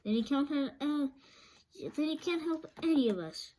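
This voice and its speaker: A woman's voice: high voice, expressive, normal speed, warm tone, a little hiss or hum, pitched above the performer's own voice. A woman reading a storybook aloud, voicing a friendly straw scarecrow who pleads in a raised voice. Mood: pleading. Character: friendly straw scarecrow wishing for brains, impatient.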